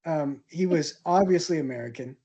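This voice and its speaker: A man teaching art history tells loose, rambling anecdotes, chatty and hesitant, dropping fillers and chuckling at his own stories. His voice is on the high side and warm at a moderate pace, with dull-sounding audio.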